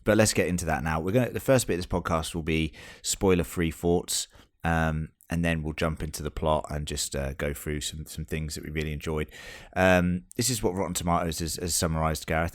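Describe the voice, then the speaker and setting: A man's voice: extremely low pitch, fairly even intonation, brisk, few pauses, dry recording, clean studio sound. A man in his thirties hosting a casual podcast chat, bantering and swearing freely. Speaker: podcast host.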